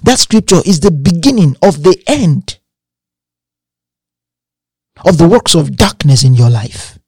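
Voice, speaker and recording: Reading scripture aloud and piling up repeated phrases, a man delivers an emphatic sermon in a slightly high, husky voice with a darkish tone. He is very animated yet keeps a measured pace. The close, dry recording has no room sound.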